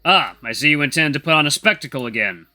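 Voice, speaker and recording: A man's voice: a little high, expressive, quick pace, bright, forceful tone, no echo, faint music behind. A man voicing a smug, sarcastic male wolf. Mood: teasing. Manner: teasing, sarcastic.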